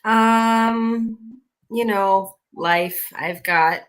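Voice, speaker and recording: A woman guest chatting casually over a call, soft and easygoing. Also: on the high side, very slow, clear, resonant tone. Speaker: guest on a live stream. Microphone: call audio.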